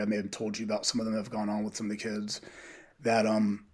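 Male coach, lowish husky voice, chatty and animated storyteller on a podcast. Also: a little fast. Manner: animated, quotes people in dialogue. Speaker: high school coach, podcast guest. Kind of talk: casual interview storytelling.

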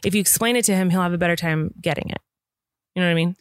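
A woman's voice: fairly low pitch, smooth, no echo, studio quality. Chatty young woman podcast co-host. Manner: talkative, animated, quick asides. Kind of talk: casual chat.

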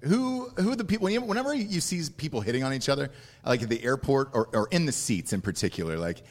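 A man's voice: mid-range voice, very animated, quick pace. A man hosting a casual interview podcast, joking around and swearing freely. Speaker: podcast host.

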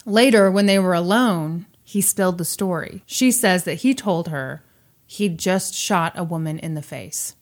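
A woman hosting a podcast, retelling a true crime story in casual chat with animated, sarcastic asides. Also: fairly low pitch, measured pace.

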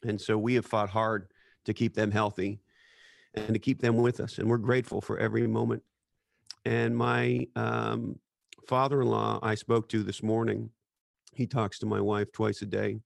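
Middle-aged guy, low gravelly voice, earnest storytelling on a podcast, dry close sound. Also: level tone, normal speed, dry recording. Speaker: podcast guest. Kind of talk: casual chat.

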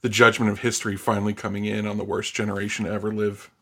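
Man, lowish voice, animated, emphatic, stammers into points, panel chat. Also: quick pace, breathy edge. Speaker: podcast panelist. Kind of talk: political panel discussion.

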